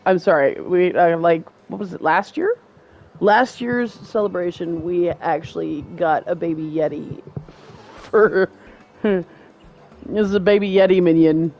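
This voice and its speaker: A woman's voice: on the low side, unhurried, darkish tone. A woman streaming a game, chatting casually in a playful, giggly way and joking about words. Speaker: gameplay streamer. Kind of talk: casual gameplay chat.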